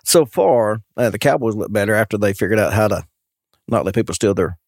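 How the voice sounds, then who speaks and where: Man, casual sports-talk co-host; animated, rambling delivery, dry recording. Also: lowish voice, a little fast, no room sound. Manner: rambling, laughs often, trails off mid-sentence.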